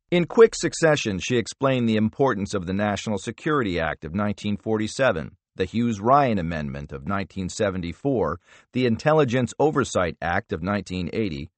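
A man narrating a thriller audiobook in a steady, measured reading style. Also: lowish voice, no room sound. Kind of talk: scripted narration.

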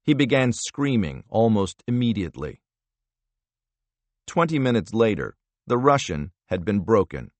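A man narrating a thriller audiobook in a measured, expressive storytelling manner. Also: lowish voice, dry recording.

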